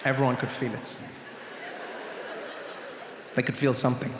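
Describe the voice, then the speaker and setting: A man's voice: mid-range voice, little pitch movement, moderate pace, background noise. Male comedian in a reverberant hall. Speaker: stand-up comedian. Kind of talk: stand-up storytelling. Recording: echoey hall with loud crowd.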